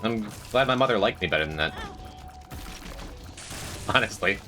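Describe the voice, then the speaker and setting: Male streamer, low pitch, animated, wry, music in the background. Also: moderate pace. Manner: dry, joking, talks to chat. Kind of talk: casual gameplay commentary. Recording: faint music behind.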